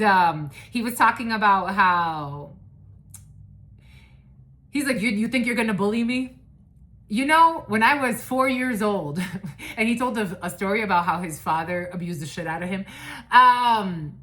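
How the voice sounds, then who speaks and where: A woman's voice: mid-range voice, a bit bright. A woman giving a casual spiritual reading, blunt and profane, who rambles, restarts and laughs often. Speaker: psychic reader.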